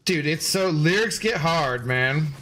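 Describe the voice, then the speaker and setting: A man's voice: fairly high pitch, expressive, a little slow, fairly bright tone. A man chatting casually on a gaming live stream, rambling, joking and answering chat.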